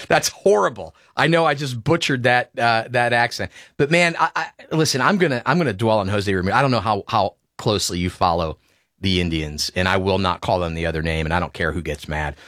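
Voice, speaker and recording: Opinionated talk host, dry close sound. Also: male voice, sits low, fairly bright tone, no echo. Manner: emphatic, opinionated, fired-up. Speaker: radio sports talk host. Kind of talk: casual sports talk.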